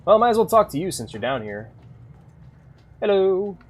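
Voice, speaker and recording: A man's voice: high-pitched, sing-song, normal speed. Rambling, foul-mouthed man streaming a game. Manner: rambling, swears freely, thinks aloud. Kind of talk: casual gameplay commentary.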